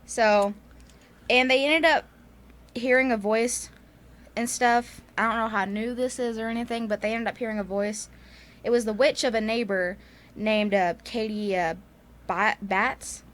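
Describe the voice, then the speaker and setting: A woman's voice: on the high side, fairly even intonation, unhurried, a bit bright. A woman with a Southern US accent casually retelling a ghost story on a podcast, rambling with many fillers and frequent laughs. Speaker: podcast co-host.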